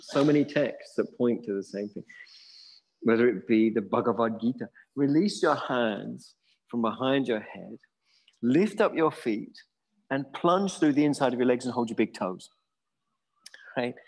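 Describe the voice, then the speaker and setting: A man's voice: medium pitch, measured pace, long pauses, low-quality recording. Man leading a yoga class. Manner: relaxed, musing, with chuckles. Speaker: yoga teacher. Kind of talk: guided yoga class instruction.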